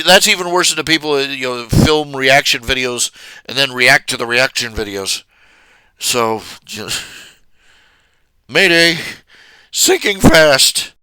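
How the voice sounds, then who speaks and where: Slow rambling man with a bright voice. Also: mid-range voice, clean tone, no room sound. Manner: rambling, halting, many fillers and restarts, chuckling storyteller. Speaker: live streamer. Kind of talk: casual chat on a live stream.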